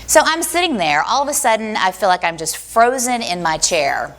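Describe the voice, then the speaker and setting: Lively woman telling a story onstage. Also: medium pitch, brisk, vocal fry, hardly any pauses. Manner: animated, acting out quoted voices. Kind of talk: live personal storytelling on stage. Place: small stage venue.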